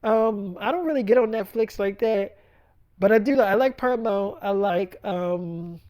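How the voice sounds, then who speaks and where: A man's voice: sits high, normal speed, a little mellow, no room sound. A man telling a rambling made-up story in casual, profane speech. He acts out both sides of conversations, switching between "I'm like" and "she's like".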